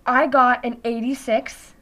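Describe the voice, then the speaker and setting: Teen girl vlogger, high bright voice, rambling casual storytime, animated. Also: unhurried. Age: teens. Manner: chatty, heavy use of "like", animated retelling.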